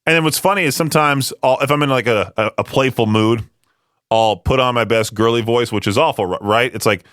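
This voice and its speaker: A young man talks as a radio host, wandering from story to story and laughing at himself. His voice is smooth and clear and sits at a middle pitch. The studio sound is close and dry. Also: brisk, a bit bright, no room sound. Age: late 20s. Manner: chatty, rambling, self-amused. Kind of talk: casual radio talk. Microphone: studio microphone.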